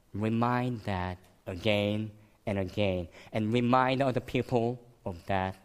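Slow-spoken male preacher. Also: mid-range voice, smooth. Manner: slow, emotional storytelling with many repetitions. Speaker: pastor. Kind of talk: sermon.

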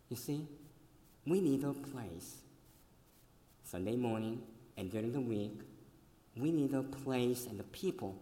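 A man's voice: mid-range voice, darkish tone. A male pastor preaching a sermon, telling the story conversationally and asking the listeners questions. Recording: echoey hall with long reverb.

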